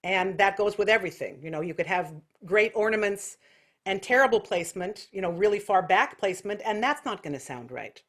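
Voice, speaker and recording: An American woman teaching an online singing lesson, explaining technique and breaking into loud nasal vocal exercises. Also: medium pitch, lively intonation, brisk. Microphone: video call.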